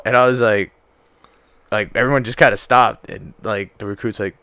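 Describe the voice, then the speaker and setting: Young man, casual storyteller, profane, relaxed, dry close recording. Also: fairly low pitch, moderate pace, clear, resonant tone, no room sound. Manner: profane, laid-back storytelling with lots of fillers. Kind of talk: casual chat.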